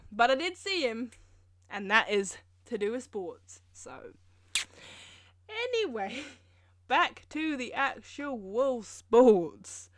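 A woman's voice: mid-range voice, a bit bright, dry recording, clean studio sound. A young woman from England, telling rambling, self-mocking stories in a casual solo podcast, full of fillers. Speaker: podcast host. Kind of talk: casual monologue.

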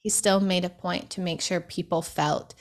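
A young adult woman speaking as a guest in an interview, earnest and reflective, with soft laughs and filler words. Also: lowish voice, steady tone, normal speed. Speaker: podcast guest. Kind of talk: heartfelt interview conversation.

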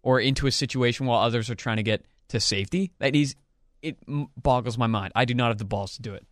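A man co-hosting a casual podcast, joking around in quick banter. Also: medium pitch, no room sound, clean studio sound. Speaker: podcast co-host. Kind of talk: casual chat.

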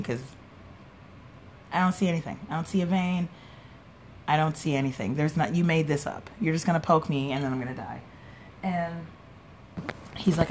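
A young woman with a low voice hosts her own podcast, telling a long personal story in a rambling, casual way. She swears freely and acts out what other people said. A faint hiss of background noise sits under her voice. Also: animated, moderate pace, pauses often. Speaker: podcast host. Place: home, sipping a drink while recording.

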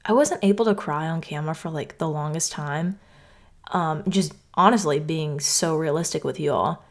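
A woman's voice: sits low, normal speed. A young woman from North Carolina hosting her own podcast, talking earnestly and conversationally, often saying "like". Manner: earnest, conversational, heavy use of "like". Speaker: podcast host. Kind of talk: reflective solo podcast talk.

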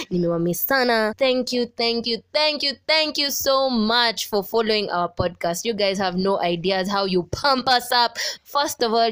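A young Kenyan woman hosting a casual podcast, lively and laughing often, mixing English with Swahili slang. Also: mid-range voice, dry recording. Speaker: podcast host.

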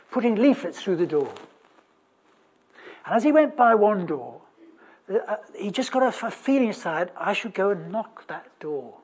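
A preacher giving a chatty, humorous sermon, telling a story with wry asides and questions to the congregation, with many restarts and sudden loud bursts of emphasis. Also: medium pitch, slightly rough. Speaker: preacher in a church service.

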